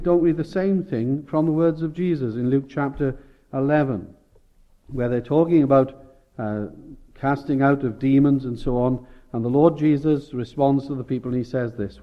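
A man's voice: mid-range voice, dull audio. A man preaching a sermon, explaining scripture and rising to emphatic peaks. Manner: expository, rising with emphasis, self-correcting.

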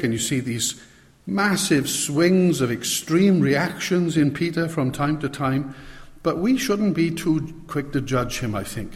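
Slow, deliberate male preacher in a reverberant hall. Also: mid-range voice. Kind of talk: sermon.

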